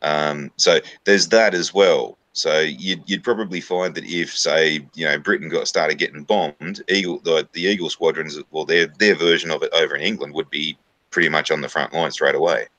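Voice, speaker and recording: A man's voice: very deep voice, steady tone, normal speed, pushed and bright. A man co-hosting a live stream, rambling casually with plenty of swearing and filler. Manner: profane, rambling storyteller. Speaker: stream co-host. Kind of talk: casual chat.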